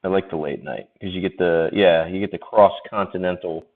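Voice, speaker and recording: A man's voice: deep voice, a little fast. A man chatting casually while he paints live, joking around and laughing often. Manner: jokey, laughs often, playful banter. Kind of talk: casual chat. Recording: dull, muffled stream audio.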